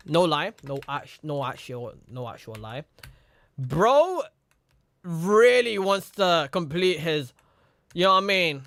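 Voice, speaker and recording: A man's voice: sits high, sharp tone, no room sound, clean studio sound. A young man casually telling a rambling story, repeating "you know what I mean" and acting out the people in it. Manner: acts out the other people in his story. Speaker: streamer.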